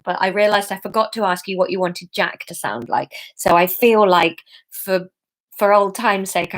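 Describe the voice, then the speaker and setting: A woman's voice: mid-range voice, fairly bright tone. Chatty woman reading her own story live. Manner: chatty, self-mocking asides.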